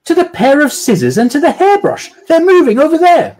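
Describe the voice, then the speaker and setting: A man voicing a tipsy, flustered village police sergeant who shouts in a high, panicky voice. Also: wildly swooping pitch, brisk, exaggerated voice. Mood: insistent.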